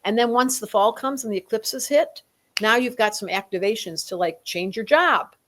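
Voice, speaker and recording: A woman astrologer giving a conversational yearly reading, lively and acting out the signs in little quoted voices. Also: fairly high pitch, moderate pace.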